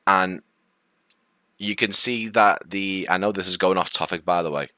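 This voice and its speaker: A man with a low voice and a light Liverpool accent chats on a live stream, rambling through fillers and restarts as he greets viewers and answers comments. His tone is bright and clear, and the sound is dry and close. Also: moderate pace, no room sound. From Liverpool, England.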